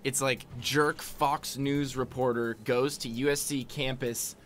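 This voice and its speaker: A young man casting an esports match, excitable and chatty, rambling through anecdotes between plays. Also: mid-range voice, measured pace, slight background noise. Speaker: esports commentator. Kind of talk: play-by-play game commentary.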